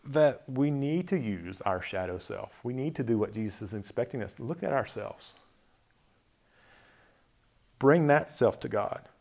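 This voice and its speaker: A man giving a reflective talk on faith, thoughtful, often chuckling softly and listing words slowly. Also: mid-range voice, animated, gravelly.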